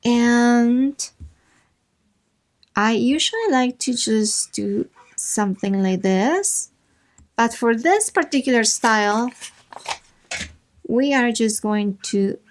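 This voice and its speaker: A woman hosting a drawing tutorial, chatting casually as she works and making playful asides to herself. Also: fairly high pitch.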